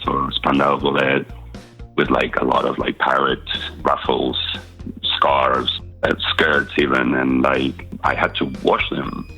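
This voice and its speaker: Here a middle-aged Spaniard with a Spanish accent speaks in a bright, husky bass with a forceful tone. He's a guest telling open, personal stories, laced with fillers and little laughs, on a dull lo-fi recording.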